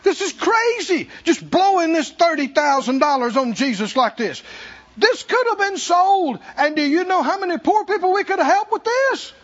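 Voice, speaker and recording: A man's voice: very high-pitched, lively intonation, a little slow, pauses often, fairly bright tone, muffled recording, voice pushed up, full character voice. A man voicing an indignant, greedy male disciple who complains about waste and money.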